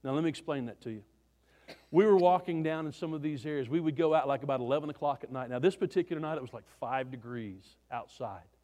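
Male preacher, high-pitched, folksy sermon storytelling with restarts, reverberant hall. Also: fast, mellow.

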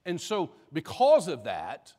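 Pastor, male, fairly high voice, emphatic sermon delivery, long church reverb. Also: wildly swooping pitch, takes it slowly, dark tone, breathy edge. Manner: preaching with rising emphatic bursts. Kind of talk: sermon with a told joke.

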